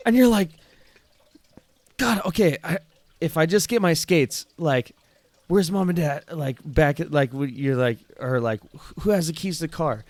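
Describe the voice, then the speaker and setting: A man's voice: a little high, moderate pace, a little mellow, no echo. Rambling podcast co-host man, dry sound. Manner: rambling, many fillers, says "dude". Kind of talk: casual chat.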